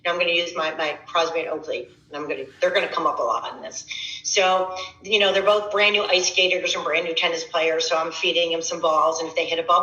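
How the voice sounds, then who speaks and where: A middle-aged woman coach talks through a workshop in a loose, conversational way, often stumbling and restarting her words. Her voice comes across bright and forward. The sound is roomy and a little muffled. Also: lowish voice, steady tone, a little fast. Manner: conversational and repetitive, with frequent restarts and stammers. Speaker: fitness coach running a workshop. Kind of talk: casual motivational workshop talk.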